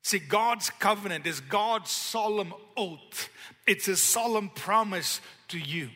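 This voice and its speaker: A man preaching a sermon, stressing key words slowly and leading the congregation in call-and-response. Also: sits high, lively intonation, pushed and bright. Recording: long hall reverb.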